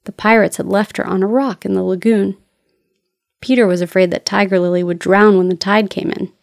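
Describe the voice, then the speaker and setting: A woman narrating a children's storybook in a clear, steady storytelling voice. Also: medium pitch, a little fast, no room sound, clean studio sound.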